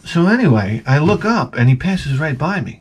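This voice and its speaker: Comedic vlogger, man, lively swooping voice, slightly high, swears and stammers, rant storytelling. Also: moderate pace, breathy edge. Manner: animated, swearing, stammering restarts.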